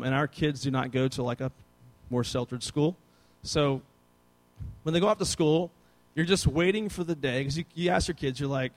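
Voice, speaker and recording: A man in his thirties preaching a sermon, telling family stories with playful asides and acting out his children's voices. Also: medium pitch. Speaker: pastor.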